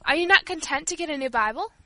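A woman's voice: high-pitched, animated, fast talker, sharp tone, dry recording, clean studio sound, voice pushed up. A woman voicing a young girl who asks questions inquisitively. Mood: puzzled.

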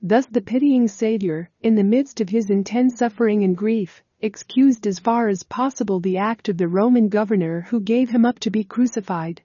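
A woman reading a religious text aloud as scripted narration, in a steady, measured way. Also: medium pitch, no room sound. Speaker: audiobook reader. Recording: dull, lo-fi dry recording.

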